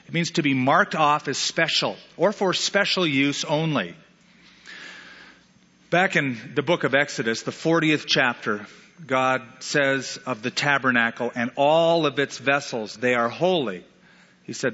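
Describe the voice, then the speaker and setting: A man preaching an animated sermon, stressing words through repetition. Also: mid-range voice, measured pace, in a large hall, lo-fi sound. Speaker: pastor.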